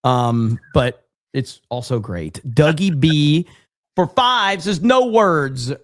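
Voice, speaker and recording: A man's voice: on the high side, lively intonation, slow, no echo, clean studio sound. Casual swearing male livestream host. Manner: reads chat messages aloud, swears freely, laughs often. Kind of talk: casual livestream chat reading super chats.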